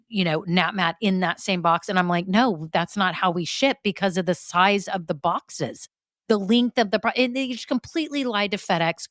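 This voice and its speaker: A woman's voice: fairly low pitch, fairly bright tone, no echo. Chatty woman podcaster, dry sound. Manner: chatty, candid, lots of fillers and tag questions. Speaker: podcast host. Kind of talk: solo business podcast talk.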